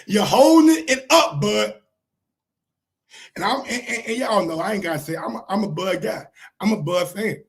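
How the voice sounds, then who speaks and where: Fired-up high-pitched male sports host. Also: normal speed. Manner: heated, repetitive, frequently shouting. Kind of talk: animated sports commentary.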